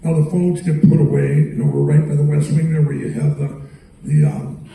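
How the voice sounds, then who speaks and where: Excitable man telling a story in an echoey hall. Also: a little high, moderate pace, gravelly, slight background noise. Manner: animated, excitable, acts out quotes and yelling. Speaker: public speaker. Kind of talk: storytelling speech to an audience. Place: arts center hall. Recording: very echoey hall, mic at a distance.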